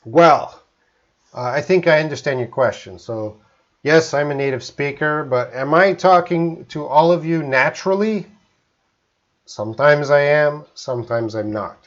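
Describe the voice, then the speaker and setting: During a live-stream lesson at his home in Korea, this Canadian man, an English teacher, replies to viewers' questions with slow, deliberate wording. His voice sits on the high side, and the audio comes across dull.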